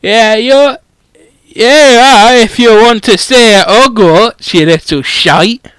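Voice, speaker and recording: A man voicing a gruff, foul-mouthed groundskeeper who swears constantly and rambles bluntly. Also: very high-pitched, slow, a bit bright, no room sound, exaggerated voice. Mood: fierce.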